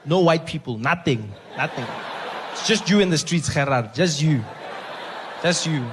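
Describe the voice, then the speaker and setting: South African stand-up comedian, slightly raised voice, casual crowd banter on a handheld mic. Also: male voice, a little high, expressive, measured pace, background noise. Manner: chatty, teases the crowd directly. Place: comedy club stage.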